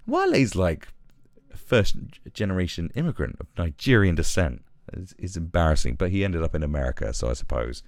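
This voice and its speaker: A man's voice: low-pitched, vocal fry, darkish tone, no echo, studio quality. A British man hosting a live stream, ranting sarcastically and mocking in casual commentary.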